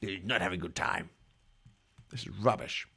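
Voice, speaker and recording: A man's voice: deep voice, moderate pace, creaky, bright, forceful tone, breathy edge. A man hosting a live-stream commentary, hamming it up in a jokey pirate persona with growled "yars" and rambling, irreverent asides. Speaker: livestream host.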